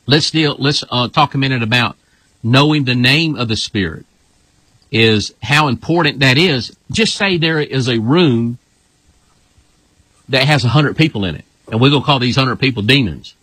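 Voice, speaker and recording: A male pastor with a bright, forceful voice that has a husky edge. He explains things in an emphatic, repetitive way, and the sound is close and dry. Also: mid-range voice, normal speed, dry recording, poor audio. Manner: emphatic, repeats "this here". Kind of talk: casual teaching talk.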